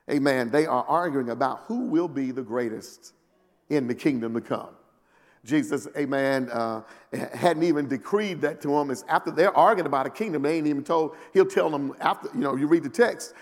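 A male pastor delivers a sermon in a call-and-response style, dropping to low, quiet lines and then climbing to loud, emphatic peaks. His voice sits a little higher than most men's. It rings out with a long reverb, as in a large church. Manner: call-and-response preaching with frequent "amen" and rising shouted peaks; colloquial, repeats words for emphasis.

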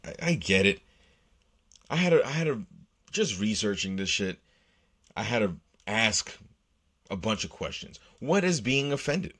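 A man's voice: on the low side, very animated, measured pace, pauses often, a bit bright. A man hosting his own show, talking solo in a rambling, profane way, with many restarts and fillers. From United States. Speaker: podcast host. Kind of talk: casual solo monologue.

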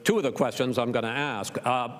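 A man's voice: mid-range voice, steady tone, a crowd in the background. Firm man moderating in a reverberant hall. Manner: measured, firm, presses with pointed questions. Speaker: debate moderator. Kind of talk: moderating a televised debate.

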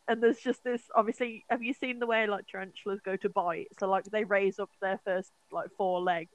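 A woman's voice: medium pitch, steady tone, moderate pace, no echo, rough recording. A young woman co-hosting a podcast, casually retelling a film with lots of fillers, swearing and acted-out quotes. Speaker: podcast co-host.

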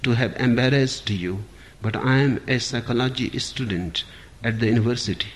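A man's voice: medium pitch, normal speed, lightly acted. A man voicing an indignant young woman student within an anecdote in a spiritual talk. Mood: apologetic. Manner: strident, then quietly apologetic.

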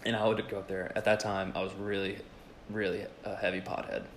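A man's voice: fairly low pitch, brisk, slight background noise. A young man in casual chat, telling a crude story full of swearing and laughter. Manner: profane, animated, laughing storyteller.

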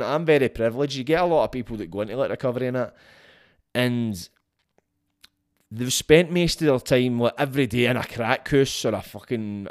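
Blunt, swearing man talking on a podcast. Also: medium pitch. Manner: blunt and frank, swears freely. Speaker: podcast host. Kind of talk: casual solo podcast monologue.

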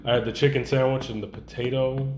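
A man co-hosting a casual podcast chat, animated and swearing, often talking over the others. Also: mid-range voice, fast talker. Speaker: podcast co-host. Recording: echoey room with noise.

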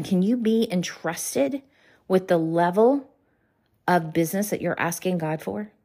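Woman, middle-aged, faith-based coaching talk, earnest, preacher-like, slightly low voice. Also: a little mellow. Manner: earnest, questioning, preacher-like with slow emphatic pauses. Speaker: Christian business coach.

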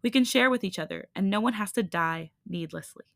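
A woman reading a tired but firm young male hybrid leader in a calm, steady voice. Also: medium pitch, fairly quick, vocal fry, no room sound, clean studio sound.

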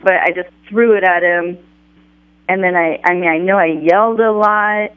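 A man being interviewed as an author, speaking haltingly with lots of fillers as he thinks back. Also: high-pitched, steady tone, clear, resonant tone, dry recording, phone-quality sound. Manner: halting, many fillers, thoughtful. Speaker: author guest. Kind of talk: conversational interview.

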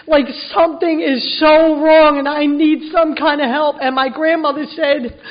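A middle-aged woman with a high voice tells her recovery story to a room, earnest and emotional, breaking it up with self-mocking jokes. Her stays strong throughout. The recording sounds dull and lo-fi. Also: fairly even intonation, unhurried. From Philadelphia, USA. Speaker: recovery meeting speaker. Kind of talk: personal testimony talk to an audience.

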